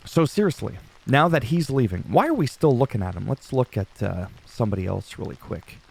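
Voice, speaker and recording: A man's voice: mid-range voice, very animated, brisk, gravelly, slightly rough. Joking man rambling through wrestling news. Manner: joking, self-mocking, rambling asides. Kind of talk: casual solo commentary.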